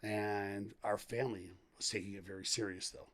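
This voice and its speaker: A middle-aged man with a slightly low voice is a podcast guest speaking at normal speed. He tells his story candidly and rambles animatedly, acting out quoted dialogue and laughing often. The conversation is loose and unscripted.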